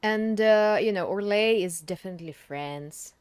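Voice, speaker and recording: A woman's voice: mid-range voice, normal speed, darkish tone, clean tone. A woman giving casual, chatty commentary while playing a video game, reacting aloud and swearing now and then. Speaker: let's play gamer.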